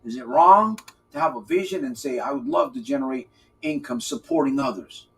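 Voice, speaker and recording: A man hosting a live podcast as a recovery coach, talking casually to his chat in an animated, playful way and repeating phrases for emphasis. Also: fairly high pitch, a little fast, vocal fry, breathy edge. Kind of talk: live-stream talk, answering chat.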